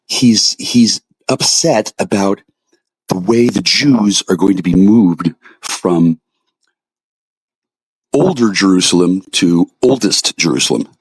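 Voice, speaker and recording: A man's voice: low-pitched, animated, slow, breathy edge. A man delivering a furious, confrontational rant to the camera, swearing constantly. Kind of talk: angry profane rant.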